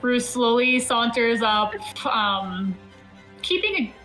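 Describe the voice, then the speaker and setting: Slow, matter-of-fact woman player. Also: fairly high pitch, animated, sharp tone, faint music behind, low-quality recording. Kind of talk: describing her character's actions in a tabletop game.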